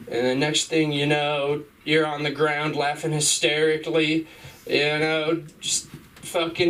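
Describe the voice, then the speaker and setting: A man's voice: fairly high pitch, monotone, slow, fairly bright tone, slight background noise. A young man doing a stand-up comedy set, rambling and giggling through his bits, with an audience laughing. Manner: rambling, giggly, trailing off with fillers. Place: comedy club stage. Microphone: stage microphone. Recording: live club recording from a distance.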